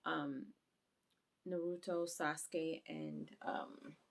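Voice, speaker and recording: A woman reviewing an anime episode on her channel, retelling the scenes in a casual, rambling, animated way. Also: deep voice, very slow, gravelly, a little hiss or hum.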